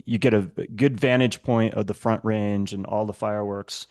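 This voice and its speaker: A man's voice: on the low side, steady tone, normal speed, darkish tone, no echo, clean studio sound. A man hosting a podcast, easygoing in chat and reading announcements and guest intros. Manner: easygoing, friendly, reads intros smoothly. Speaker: podcast host. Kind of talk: casual chat and show announcements.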